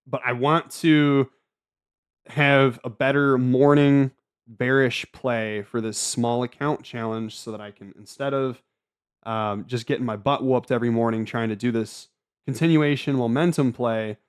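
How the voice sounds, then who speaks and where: A man's voice: medium pitch, smooth. A man hosting a casual solo trading recap, rambling with frequent stammers, restarts and filler words. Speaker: trading channel host.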